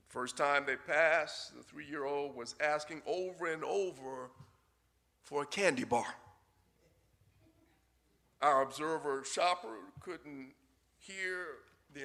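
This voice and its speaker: A male pastor delivers a storytelling sermon at a slow, deliberate pace. His voice sits a little high and has a gravelly texture, with a bright, forward tone. He pauses often and leans into folksy detail.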